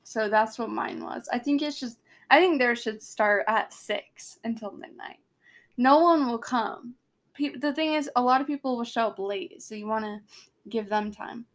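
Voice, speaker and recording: A young woman casually recapping a novel chapter and adding her own asides in a relaxed chat. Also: fairly high pitch, moderate pace. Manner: chatty, summarizing a book with asides and laughter. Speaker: book discussion co-host.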